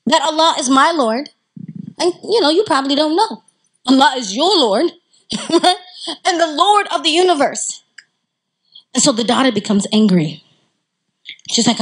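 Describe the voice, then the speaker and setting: A woman with a Southern American accent giving a storytelling talk to a live audience, animated and conversational, drawing the listeners in. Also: sits high, moderate pace, pauses often, low-quality recording. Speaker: Islamic lecturer. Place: community center talk.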